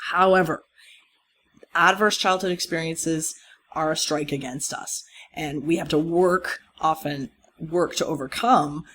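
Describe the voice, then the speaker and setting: A lecturer in a recorded course talk who explains material step by step and speaks straight to students. The delivery leans on key words for emphasis and pauses often to rephrase a point. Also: medium pitch, fairly bright tone.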